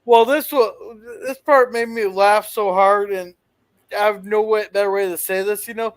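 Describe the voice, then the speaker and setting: A man's voice: high-pitched, steady tone, normal speed, clear, resonant tone, no room sound. A man on a chat panel, talking casually and hesitantly, searching for the right words. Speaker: panel guest.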